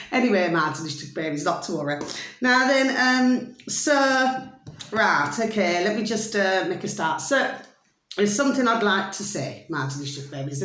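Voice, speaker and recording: Woman, vlogger, low-ish voice, sing-song and rambling, roomy echo. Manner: sing-song, affectionate, repeats pet phrases, meandering. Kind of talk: rambling casual address to camera.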